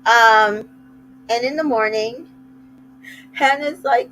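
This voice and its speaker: Woman host, unhurried chatty recap delivery, slightly high voice, faint hum behind. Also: rough recording. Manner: chatty, retells scenes with quoted asides. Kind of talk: casual recap chat.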